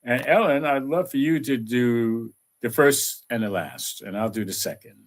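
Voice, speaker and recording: A man giving an unhurried, conversational spiritual talk and leading affirmations, with many "you know"s. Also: mid-range voice, lively intonation. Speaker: spiritual teacher.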